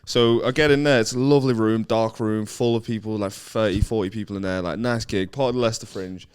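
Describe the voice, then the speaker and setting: Male comic co-host, lowish voice, loose storytelling, swears freely. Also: fairly even intonation, a little fast, clear, resonant tone. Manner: rambling anecdotes, swears freely. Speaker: comedy podcast co-host. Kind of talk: casual comic banter.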